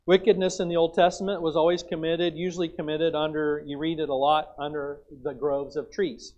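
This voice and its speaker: A man's voice: fairly high pitch, little pitch movement, brisk, a little mellow, muffled recording. A man preaching a sermon in a folksy, storytelling way, with plain asides and Bible quotes. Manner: folksy, acts out chewing sounds.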